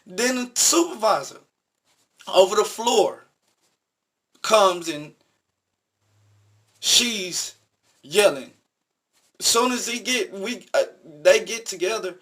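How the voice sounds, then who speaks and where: A man's voice: sits high, expressive, slow pace, long pauses, a bit bright. A man vlogging, telling a personal story in an earnest, emphatic, repetitive way. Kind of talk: casual storytelling monologue.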